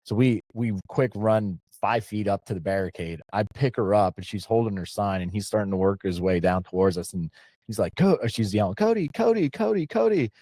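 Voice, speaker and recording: A man's voice: fairly low pitch, steady tone, brisk, mellow, no room sound. A man hosting a podcast, chatting casually and rambling through a long story with lots of restarts. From Pennsylvania. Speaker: podcast host.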